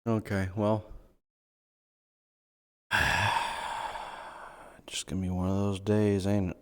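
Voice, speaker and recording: A man hosting a casual game roleplay stream, animated and jumping between loud greetings and muttering to himself. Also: fairly low pitch, drawn-out words, clear, resonant tone.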